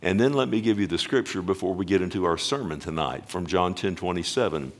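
A man preaching a Wednesday night sermon in church, calling for amens and slowing down to stress scripture. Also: low-pitched. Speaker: pastor.

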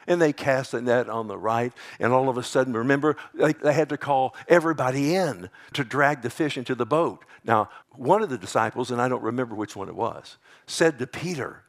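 A man with a Texas accent delivers a sermon in a mid-pitched, down-to-earth voice. He talks to his listeners as if chatting, asks them for amens, and drops low and slow on key scripture lines. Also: expressive. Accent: Texan. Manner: conversational, calls out to congregation for amens. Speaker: preacher.

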